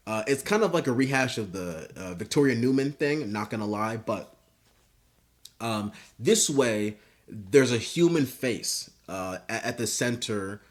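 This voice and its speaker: A young man giving a casual comedic commentary, rambling with lots of fillers and swearing, speaking into a home microphone. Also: on the low side. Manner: rambling, filler-heavy, profane. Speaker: YouTube commentator.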